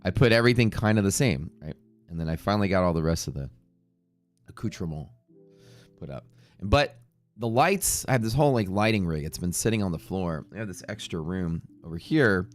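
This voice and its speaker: Low-voiced male streamer, casual and rambling, soft music in the background. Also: animated, brisk. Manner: greets viewers by name, jokey and rambling. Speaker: livestream trading host. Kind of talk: casual livestream chat. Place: home streaming room.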